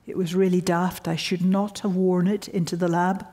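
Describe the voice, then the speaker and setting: A woman's voice: on the low side, normal speed. A woman in her seventies giving a public lecture, telling wry stories of her early career. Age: 70s. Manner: wry, storytelling, animated quotes. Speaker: guest lecturer.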